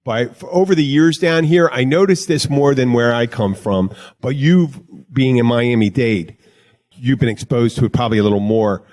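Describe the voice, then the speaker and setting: Male podcast host, mid-pitched, loose and jokey, wanders off mid-sentence. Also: moderate pace, darkish tone. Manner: rambling, jokey, self-interrupting. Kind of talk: casual chat.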